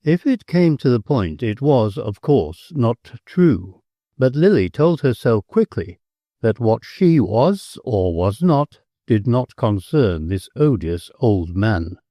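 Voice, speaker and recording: A man narrating an audiobook with an expressive delivery. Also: medium pitch, slow, dry recording, clean studio sound.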